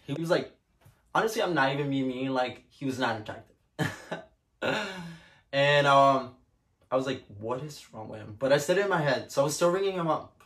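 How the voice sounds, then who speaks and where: A man's voice: mid-range voice, fast, fairly bright tone. A young man casually telling a personal story to the camera, chatty and full of filler words. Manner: chatty, lots of "like" fillers, laughs often.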